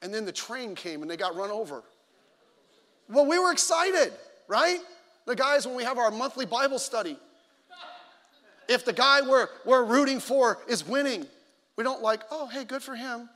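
A man preaching a sermon in a church auditorium, animated and storytelling, swinging between loud exclamations and quiet asides as he acts out other people's lines. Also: very high-pitched, normal speed, pauses often, in a large hall.

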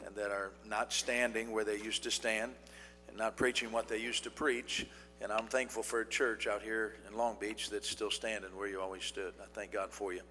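A man's voice: fairly low pitch, pushed and bright. A man preaching as a traveling evangelist in a folksy way, peppering his talk with "Amen" and fillers. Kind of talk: sermon. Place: church sanctuary. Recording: long church-hall reverb.

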